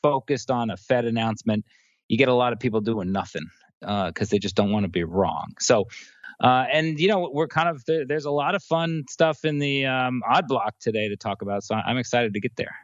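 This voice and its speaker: A man co-hosting a markets podcast, talking through options trades in a relaxed way with many fillers. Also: medium pitch, brisk, dry recording, muffled recording. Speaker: co-host, options analyst. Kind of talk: casual market talk.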